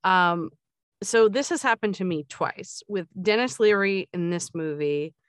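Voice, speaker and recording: A woman's voice: on the low side, unhurried, clean tone, dry recording, clean studio sound. A woman co-hosting a podcast, chatting casually, going off on tangents with many fillers. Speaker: podcast co-host. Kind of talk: casual chat.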